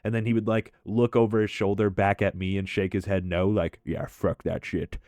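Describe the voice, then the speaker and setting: A man casually telling funny stories about an old coworker as commentary over gameplay, talking in a lively, profane way. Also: fairly low pitch, fairly quick, no echo. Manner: animated, profane, conversational. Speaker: gaming commentator and storyteller.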